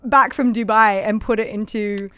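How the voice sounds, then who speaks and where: A woman's voice: mid-range voice, steady tone, normal speed, sharp tone, no echo. A woman with an Australian accent, a guest in a casual chat, playful and teasing. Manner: playful, teasing, laughs often. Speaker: guest actress.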